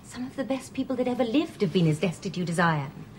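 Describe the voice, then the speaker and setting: Actress doing a proud young woman in a costume drama, formal and stern, pitch lively and expressive. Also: a little hiss or hum, close to an everyday voice. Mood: indignant. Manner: formal, measured, reproachful. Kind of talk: period TV drama acting.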